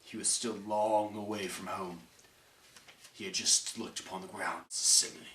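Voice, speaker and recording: Dude telling a homemade story, bright tone, echoey, faint hiss. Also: male voice, fairly low pitch, fairly even intonation, a little slow. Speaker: narrator. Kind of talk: amateur storytelling narration. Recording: echoey room, mic far off, faint hiss.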